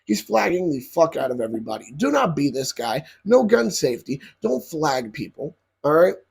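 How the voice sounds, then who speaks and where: A young man with a husky, slightly raised voice tells a range story straight to his viewers. He swears freely, gets animated and keeps asking "you feel me?". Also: fairly high pitch, moderate pace. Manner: profane, animated, addresses viewers directly. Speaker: YouTuber telling a story. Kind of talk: casual storytelling to camera.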